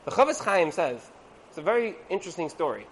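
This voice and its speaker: With a high voice, big pitch swings, and a quick pace, a man teaches a chatty evening class about Torah and marriage. He asks rhetorical "right?" questions and slips into the voices of people he quotes, while a faint noise runs underneath.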